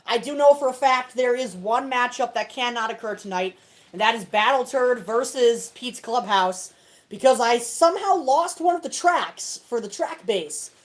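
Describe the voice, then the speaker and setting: A woman's voice: fairly high pitch, normal speed, rough recording. A woman hosting a casual livestream from a home tabletop setup, self-deprecating and chuckling often. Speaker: host of a toy robot fight livestream.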